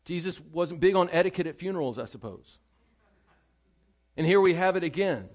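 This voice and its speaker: A male pastor delivers a sermon in a fairly high voice. He swings between hushed, quiet passages and loud, stressed lines, speaking straight to the congregation. He repeats his key phrases to drive them home. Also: expressive, normal speed.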